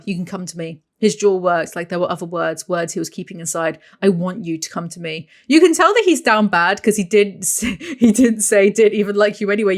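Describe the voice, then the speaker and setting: A British woman giving sarcastic book commentary, reading out passages and mocking them in a dry voice, with laughs between jokes. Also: mid-range voice. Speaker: book reviewer.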